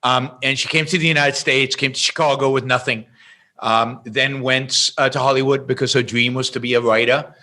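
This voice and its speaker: A middle-aged man, a podcast guest, telling a story in an emphatic, animated way. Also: mid-range voice, moderate pace.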